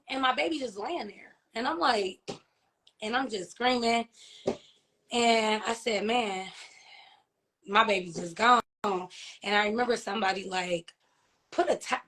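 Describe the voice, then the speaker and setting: A woman's voice: a little high, fairly bright tone. Heartfelt woman telling a grief story. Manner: halting, heartfelt, many fillers and restarts, often asks "you know what I mean?". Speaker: interview guest, grieving mother and author. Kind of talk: emotional personal testimony in an interview.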